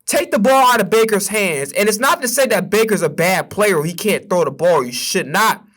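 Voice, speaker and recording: A man's voice: sits high, expressive, normal speed, fairly bright tone. A young man hosting a sports stream, ranting casually and heatedly with plenty of swearing. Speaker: streamer and sports podcast host. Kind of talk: casual sports rant on a livestream.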